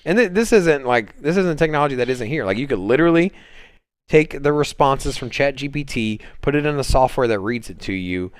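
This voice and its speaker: A man's voice: mid-range voice, animated, brisk, clean tone, dry recording. A man hosting a casual crypto livestream, rambling along with lots of fillers and restarts. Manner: rambling, laid-back, many fillers and restarts. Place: home, on a Sunday livestream.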